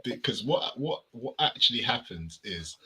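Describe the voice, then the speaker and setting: A man co-hosting a casual football debate, arguing his point forcefully and explaining at length. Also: mid-range voice, big pitch swings, normal speed, breathy edge, low-quality recording. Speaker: panel co-host.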